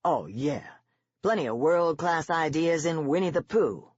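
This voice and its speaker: Narrator doing a gruff, sneering army sergeant. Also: mid-range voice, big pitch swings, moderate pace, no room sound, lo-fi sound. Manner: sneering, harsh, sarcastic.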